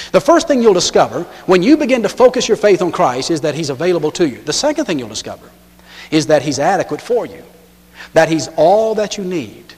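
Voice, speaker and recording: A man preaching a sermon and telling a story along the way, now and then acting out lines with sudden loud bursts. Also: on the high side. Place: church. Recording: long hall reverb.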